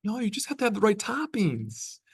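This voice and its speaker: A man's voice: high-pitched, huge pitch swings, normal speed, husky. A man from New York giving a college biology lecture in a classroom, talking in a chatty, conversational way and often checking in with "right?". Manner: conversational, chatty, with frequent tag questions.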